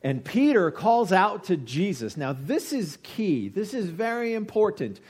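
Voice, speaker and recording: A man's voice: high voice, very animated, measured pace, breathy edge. Conversational man preaching a sermon. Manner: conversational, swings between loud emphasis and quiet asides. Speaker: pastor.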